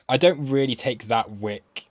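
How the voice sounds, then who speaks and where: A man's voice: medium pitch, takes it slowly, no room sound. A man hosting a live crypto trading stream, talking through charts in a rambling, self-correcting way. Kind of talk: live market analysis chat.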